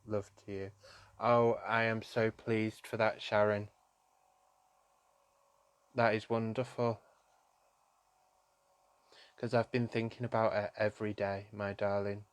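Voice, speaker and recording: Slow, low-voiced man, affectionate. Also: level tone, clean tone, no echo. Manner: affectionate, calls viewers "my darling"; gently emotional, soft-spoken. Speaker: psychic medium. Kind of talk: live-streamed tarot reading.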